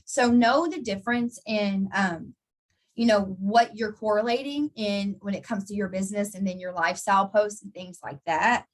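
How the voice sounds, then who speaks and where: A woman's voice: mid-range voice, normal speed. A chatty woman coaching her marketing team in a casual live session. She talks in an easygoing, encouraging way, often restarting sentences and repeating words. She answers viewers by name as she goes. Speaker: network marketing team trainer. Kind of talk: casual live training talk.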